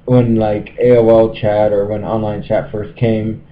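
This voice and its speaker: A man's voice: on the low side, little pitch movement, measured pace, slight background noise. A man recounting a story in casual chat, laughing often as he goes. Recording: muffled lo-fi.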